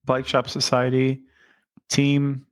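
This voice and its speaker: A man's voice: mid-range voice, monotone, slow pace, no echo. A man co-hosting a podcast in casual chat, chatty and enthusiastic, joking as he goes. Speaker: podcast co-host.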